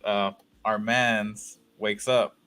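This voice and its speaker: A man's voice: on the low side, level tone, drawn-out words, sharp tone. A man co-hosting a casual movie review chat in a laid-back, joking way. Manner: laid-back, profane banter. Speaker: podcast co-host.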